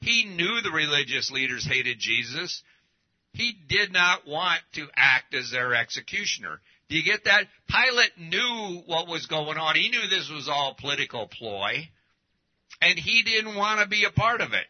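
A man preaching with a lively, swooping delivery and a slightly raised voice. He drives each point home with emphasis and rhetorical questions. The recording sounds dull and lo-fi. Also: on the high side, normal speed. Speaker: pastor. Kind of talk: sermon.

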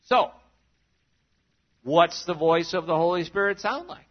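A man preaching a sermon as a pastor, animated and sometimes dropping to a hushed voice for emphasis. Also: sits high, a little slow, muffled recording.

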